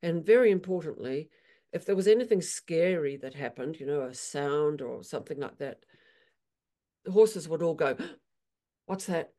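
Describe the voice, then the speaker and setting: A woman equine therapist telling animated stories in an interview, acting out her horses' voices. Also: sits low, normal speed. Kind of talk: storytelling in an interview.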